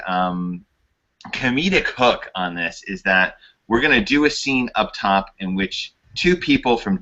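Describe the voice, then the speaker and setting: Chatty improv host guy, kinda low and bright, dull video call audio. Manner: rambling, chatty. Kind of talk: casual show introduction.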